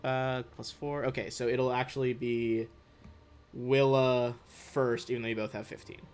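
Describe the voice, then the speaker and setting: A young man running a tabletop game as game master, chatty and relaxed, swearing casually. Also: medium pitch, measured pace, clean tone.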